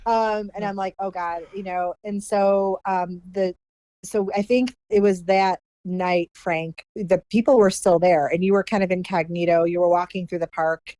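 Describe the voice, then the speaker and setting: A woman's voice: lowish voice, fairly even intonation, moderate pace, warm tone, no echo. A middle-aged woman, a podcast guest, telling a story in a casual interview and acting out the people she quotes. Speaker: podcast guest, former animal control director.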